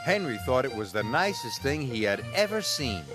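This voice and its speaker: A man narrating a children's story in an expressive, gently dramatic way. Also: medium pitch, moderate pace. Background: music.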